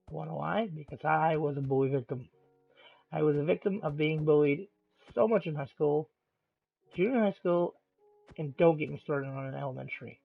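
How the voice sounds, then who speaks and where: A man streaming live, delivering an angry rant in a deliberately calm, measured voice with halting pauses. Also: fairly high pitch, creaky, faint music behind. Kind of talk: ranting monologue on a live stream. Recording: tinny, phone-like lo-fi sound.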